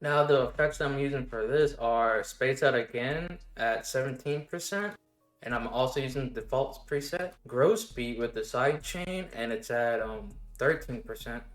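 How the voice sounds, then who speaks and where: A man casually walking through his production steps one by one in a relaxed tutorial, with the odd filler word. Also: medium pitch, moderate pace. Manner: relaxed step-by-step explaining with fillers. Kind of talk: casual screen-recorded tutorial. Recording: roomy echo. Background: faint music playing.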